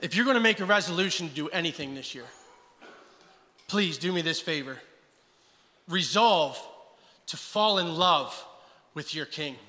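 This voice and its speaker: A man preaching a passionate guest sermon, swinging between loud exclamations and hushed, intense passages. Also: a little high, expressive, moderate pace, pauses often, big-room sound.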